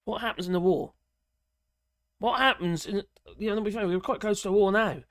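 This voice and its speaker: Here a British woman in middle age, speaking at medium pitch and a normal pace, comments on a news story in a sarcastic, indignant rant peppered with mild swearing. She's animated, her voice shooting up when she's outraged, and the studio-quality recording has no echo.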